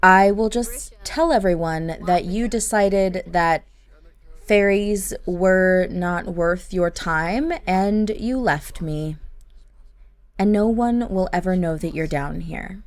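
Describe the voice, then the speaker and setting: A woman's voice: on the low side, slow pace. Woman doing Nathalin, a cold scheming husband.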